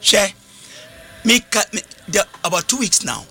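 A man's voice: high voice, measured pace, sharp tone. A man preaching a sermon, emphatic, switching languages and repeating phrases. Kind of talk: sermon with interpreter.

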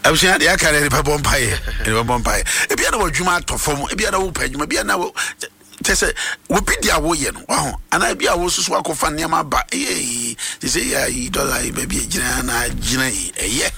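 A man's voice: on the high side, lively intonation, quick pace, vocal fry, pushed and bright, a little hiss or hum. A man with a Ghanaian accent hosting a radio morning prayer segment, speaking with a fervent, preacher-like delivery and switching between Twi and English. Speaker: radio host.

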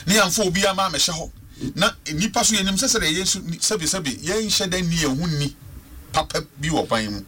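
A man's voice: high-pitched, expressive, brisk, sharp tone, a little hiss or hum. A man with a Ghanaian accent calling in to a radio talk show, speaking with passion and repeating words for stress. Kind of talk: passionate radio call-in commentary.

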